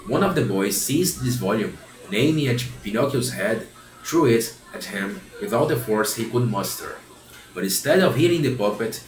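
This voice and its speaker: A man reading a children's classic aloud, often restarting and repeating phrases as he goes. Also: lowish voice. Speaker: reader. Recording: roomy echo, faint background hiss.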